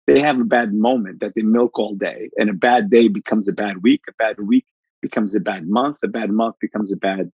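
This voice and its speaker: A man talks as a podcast guest with a gravelly, breathy grain in his voice. He tells everyday stories bluntly and swears casually. His recording sounds dull and dry, as if it came through a lo-fi mic. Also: fairly low pitch, fairly quick, dry recording. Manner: blunt, animated storyteller who swears casually. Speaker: life coach and podcast guest. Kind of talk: casual interview storytelling.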